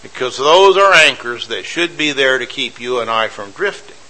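A man's voice: mid-range voice, expressive, moderate pace, pushed and bright, poor audio. A man preaching a sermon, emphatic and repetitive, building lists of phrases and asking rhetorical questions.

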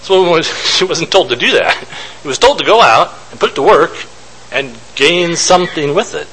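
A man's voice: on the high side, animated, normal speed, fairly bright tone, a little hiss or hum, poor audio. A man giving an informal Bible teaching, thinking aloud and posing rhetorical questions to his listeners.

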